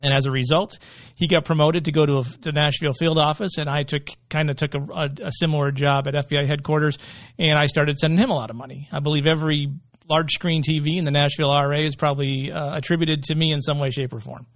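A man's voice: on the high side, flat delivery, fast, dry recording, clean studio sound. A middle-aged man hosting a casual podcast interview, joking and rambling with frequent restarts. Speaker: podcast host.

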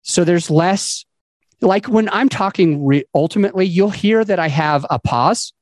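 A man's voice: high-pitched, expressive, measured pace, darkish tone, no room sound. A man hosting a podcast, giving casual advice in a loose, conversational way with fillers and restarts. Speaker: podcast host.

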